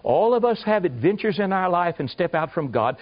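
A man preaching, telling a folksy, animated story with asides to his listeners. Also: high-pitched, fairly quick. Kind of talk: storytelling sermon. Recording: muffled lo-fi recording.

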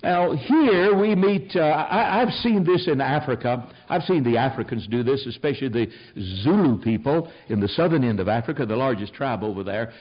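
An older man preaching a sermon, telling stories in an animated, emphatic way. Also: mid-range voice, moderate pace, hardly any pauses. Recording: dull lo-fi sound.

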